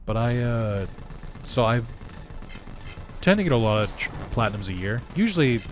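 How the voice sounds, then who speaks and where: A man's voice: medium pitch, sing-song, moderate pace, noisy background. A man giving casual gaming commentary, rambling and laid-back with lots of fillers and some swearing. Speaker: let's play commentator.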